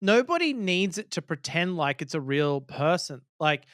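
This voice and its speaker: A man with a fairly high, clean and crisp voice co-hosts a casual tech podcast. He talks with enthusiasm and acts out quick quotes as he argues. The close mic sounds dry, with no room echo. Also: big pitch swings, a bit bright. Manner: enthusiastic, argues his point with acted-out quotes. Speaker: podcast co-host.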